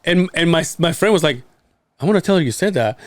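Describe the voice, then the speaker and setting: A young man from Mexico tells stories on a podcast in a loose, laughing way, slipping into the voices of the people he quotes. His voice sits a bit high and swings widely in pitch. The sound is dry and close, with no room around it. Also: expressive, quick pace, no room sound. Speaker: podcast co-host. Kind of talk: casual storytelling chat.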